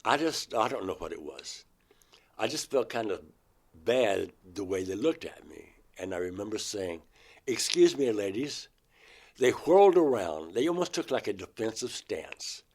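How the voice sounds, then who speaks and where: A man's voice: lowish voice, very animated, moderate pace, darkish tone. A man from Georgia in the United States, an interview guest vividly and emotionally retelling a personal experience. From Georgia, USA. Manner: emotional, vivid retelling, acts out his own words.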